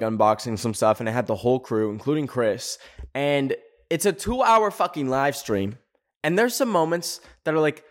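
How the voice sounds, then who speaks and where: A young man hosting a podcast, ranting casually with a lot of swearing and sarcasm, his voice leaping up in pitch when he stresses a point. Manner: animated, profane, sarcastic, pitch leaping up on emphasis. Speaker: podcast host.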